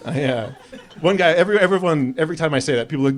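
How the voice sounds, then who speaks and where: A male stand-up comedian performing live on a club stage, his voice sitting somewhat high. He tells his stories with self-deprecating, deadpan asides. A crowd is clearly heard laughing around him. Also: racing. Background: audience laughing.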